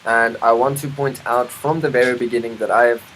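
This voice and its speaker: A South African man's mid-range, fairly bright voice comes through poor audio with slight background noise. Speaking a little fast with fairly even intonation, he vlogs in a rambling, casual monologue, cutting himself off, restarting, saying um often and making chatty side remarks, some about the weather.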